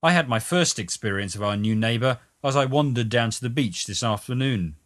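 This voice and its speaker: A man's voice: mid-range voice, expressive, brisk, a bit bright. A man reading a travel memoir aloud with dry, wry storytelling. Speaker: narrator.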